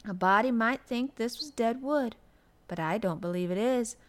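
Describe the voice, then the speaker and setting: A woman's voice: fairly high pitch, normal speed, natural voice. A woman voicing a cheerful country boy with a who talks eagerly and earnestly about plants, in an audiobook reading.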